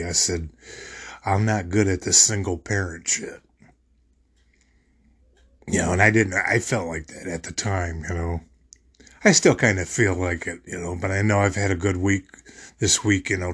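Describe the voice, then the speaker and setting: A man's voice: sits low, a bit bright, husky. A man talking on his podcast in a rambling, emotional monologue, often repeating himself as he recounts his thoughts. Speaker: podcast host. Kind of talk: personal monologue.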